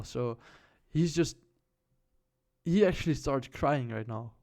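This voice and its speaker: A man's voice: mid-range voice, slow, a little mellow. Young guy vlogging about some old drama, talks loose and slangy, lots of likes and ums, mid voice. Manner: loose and slangy, many fillers, laughs while telling. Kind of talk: casual storytelling to camera.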